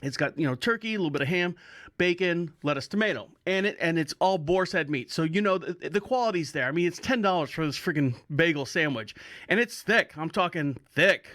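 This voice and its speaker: High-voiced chatty Florida man. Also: lively intonation, brisk, fairly bright tone, dry recording, clean studio sound. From Orlando, Florida. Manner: chatty and upbeat, rambling asides with chuckles. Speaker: podcast host. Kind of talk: casual solo podcast chat.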